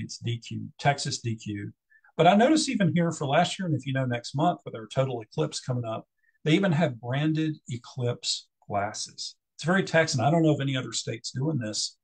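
A man's voice: mid-range voice, husky, rough recording. A middle-aged man presenting a business etiquette workshop in a casual, conversational lecture style with frequent ums.

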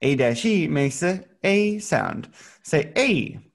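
A man teaching English to children in an online class, speaking slowly and clearly with a patient, playful manner. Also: a little high, sing-song. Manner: patient, slow and clear, playful sound effects.

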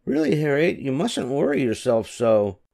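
An older man voicing a sensible, caring young female hamster sister in a storybook reading, calm and reassuring. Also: medium pitch, moderate pace, gravelly, voice pushed up. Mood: gentle.

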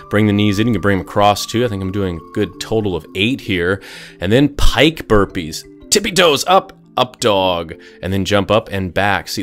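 Leading burpees, this instructor has a lowish voice with a fairly bright tone and a cheerful, joking style. Now and then he runs short of breath as he gives workout directions.

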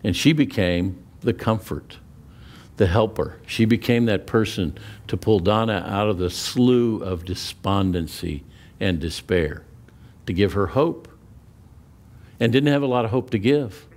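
Low-voiced pastor telling a story. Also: male voice, a little slow, a little mellow. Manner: storytelling with frequent restarts and repeated words. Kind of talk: sermon.

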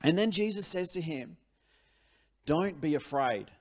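A pastor with an Australian accent delivering a sermon in church, in a conversational, animated style that repeats key phrases. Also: male voice, on the high side, measured pace.

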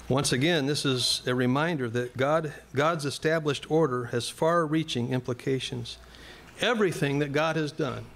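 Man preaching an earnest sermon. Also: medium pitch. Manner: earnest, plain-spoken preaching with direct asides to the congregation. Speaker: pastor. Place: church.

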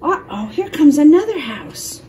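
A woman's voice: sits high, very animated, unhurried, mellow, a little hiss or hum. A woman narrating toy play for toddlers in a sing-song voice, with exaggerated gasps and lots of repetition. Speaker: children's toy play presenter. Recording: music playing under the voice.

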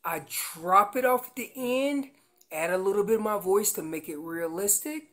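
A man giving a hands-on lesson as a guest instructor, explaining elk calls step by step with emphatic, animated delivery. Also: high-pitched, normal speed. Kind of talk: instructional demonstration.

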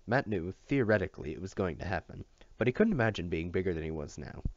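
A man's voice: low-pitched, animated, fast. A man reading a novel aloud expressively, with occasional slips and rereads. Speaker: audiobook reader. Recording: dull lo-fi dry recording.

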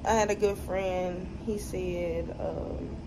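A young woman with a drawl vents about her ruined trip, swearing and addressing her viewers directly. She's recorded on a phone, with clear noise around her. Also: lowish voice, fairly even intonation, slow. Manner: upset, venting, profane, talking straight to viewers. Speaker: vlogger. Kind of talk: casual vlog talk to camera. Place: hotel room and car park on a trip.

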